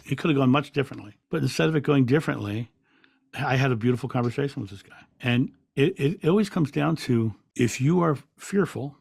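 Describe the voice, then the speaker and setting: Calm male podcast guest with a gravelly voice, dry sound, reflective storyteller who restarts often. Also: medium pitch, fairly quick, no room sound. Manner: calm, reflective, with frequent restarts and soft laughs. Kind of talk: relaxed storytelling in an interview.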